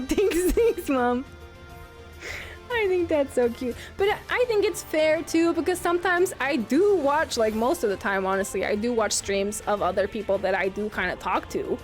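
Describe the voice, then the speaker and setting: Casting note: young woman streamer, very high and lively voice, chatty and giggly, faint music underneath. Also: normal speed. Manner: giggly, chatty, reads and answers chat. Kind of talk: casual livestream chat with viewers.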